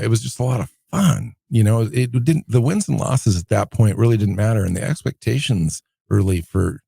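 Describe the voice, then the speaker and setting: Very deep, gravelly-voiced man. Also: dark tone, no echo, clean studio sound. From Seattle area, USA. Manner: unhurried, reminiscing storyteller. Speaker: podcast co-host. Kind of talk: casual podcast chat.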